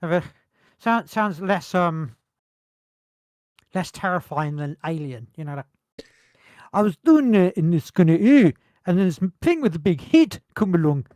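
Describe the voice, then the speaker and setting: A man co-hosting a casual podcast, joking loudly, swearing and slipping into mock voices. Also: high-pitched, sing-song, a little slow, long pauses, no echo, clean studio sound. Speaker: podcast co-host. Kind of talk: casual chat.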